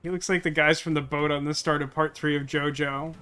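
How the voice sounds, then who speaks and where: A man's voice: fairly high pitch, fairly even intonation, brisk, pushed and bright, smooth, faint music behind. A man hosting a let's play, reading game dialogue aloud and breaking off into joking, rambling asides.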